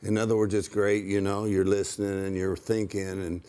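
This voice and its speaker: A man preaching in a conversational way, emphatic, slowing down to quote scripture and laughing now and then. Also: on the low side, flat delivery, dark tone.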